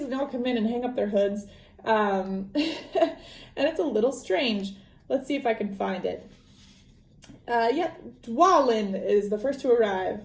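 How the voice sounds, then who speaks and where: A chatty young woman with a fairly high voice, talking through a book as a podcast host. She rambles casually with plenty of fillers. The room around her is echoey. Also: moderate pace, darkish tone. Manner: chatty, lots of ums and likes, laughs often.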